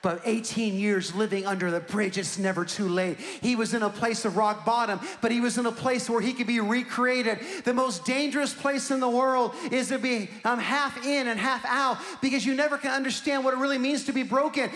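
A man preaching a sermon as a pastor, telling stories and rising to shouts at the high points. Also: fairly even intonation, brisk, hardly any pauses, long reverb tail.

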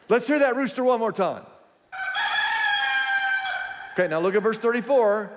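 A man's voice: very high-pitched, animated, normal speed, pauses often, noisy background. A man preaching a sermon to his congregation. He speaks with emphasis and calls on the crowd to repeat words back to him. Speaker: pastor. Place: large church auditorium. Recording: long hall reverb.

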